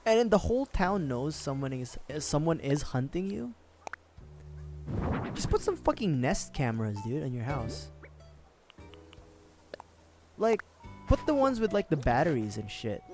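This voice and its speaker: A young man chats on a gaming livestream in a rambling, loose way, full of fillers, swearing and quick laughs. His voice sits a little high and swings widely in pitch. Faint game music runs underneath. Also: big pitch swings, a little mellow. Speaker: streamer. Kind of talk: casual livestream chat while gaming.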